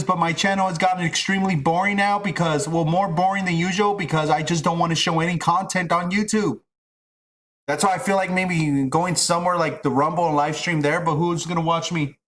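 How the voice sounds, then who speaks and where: A man's voice: sits high, fairly bright tone. A middle-aged man streaming, ranting casually and profanely about job rejections. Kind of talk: casual rant while streaming.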